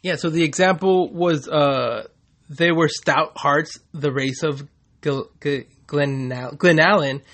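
A man's voice: a little high, slow, a bit bright. A man co-hosting a casual podcast who explains word origins, swears constantly and stumbles over his words. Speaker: podcast co-host.

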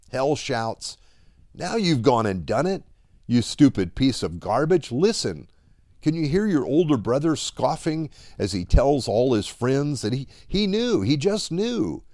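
A man preaching a dramatic devotional sermon, slow and deliberate, often dropping to a hush at the end of a line. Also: medium pitch, dry recording, studio quality.

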